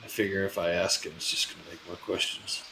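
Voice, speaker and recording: A man in casual in-character role-play as a crew leader, musing out loud and swearing freely. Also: low voice, flat delivery, fast, creaky, noisy background.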